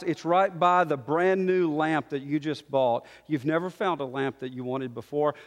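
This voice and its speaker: High-voiced preacher in a reverberant hall. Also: male voice. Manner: animated, acts out quoted voices. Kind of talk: sermon.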